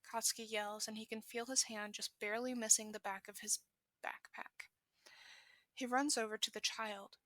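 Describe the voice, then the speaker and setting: A woman's voice: on the high side, flat delivery, pushed and bright, no echo. A woman reading a fan fiction story aloud, correcting small slips as she goes. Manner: brisk reading with self-corrections. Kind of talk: podfic narration.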